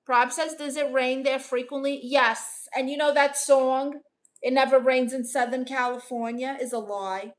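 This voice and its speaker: A young woman from Brooklyn reading out her chat on a casual livestream, dry, deadpan and sarcastic. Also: high-pitched, moderate pace. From Brooklyn, New York. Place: home in Los Angeles.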